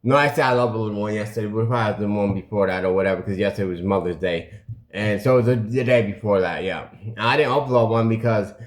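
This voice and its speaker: With a lowish voice and fast delivery, a recovery channel host narrates a story to his camera, lively and casual. He plays out phone conversations, adds sound effects and keeps saying "you know what I'm saying." It's recorded on a video camera mic.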